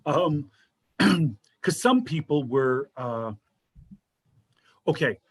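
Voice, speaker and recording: A man telling funny stories as a guest on a casual online talk show, lively and quick to act out the people he quotes. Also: fairly high pitch, slightly rough. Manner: animated, jumps into voices for quoted people. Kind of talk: casual comedic storytelling. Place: home video show, remote call.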